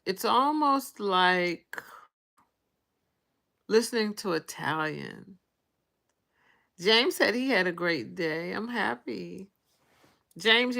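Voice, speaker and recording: A woman's voice: mid-range voice, creaky, a bit bright. An American woman in her sixties hosting a casual livestream from her bedroom on her phone, chatting with viewers and reading their names aloud. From United States. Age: 60s. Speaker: vlog host.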